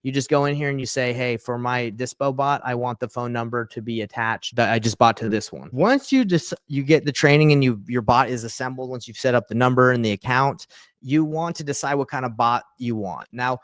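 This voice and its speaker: A man's voice: mid-range voice, dry recording. Upbeat man hosting a casual tutorial. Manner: upbeat, fast, chatty, hypes the viewer. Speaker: real estate wholesaler teaching viewers.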